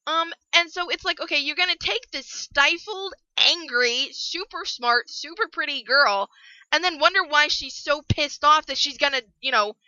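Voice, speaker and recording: A young woman giving a ranting book review, animated and prone to bursts of yelling. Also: high-pitched, no echo, lo-fi sound.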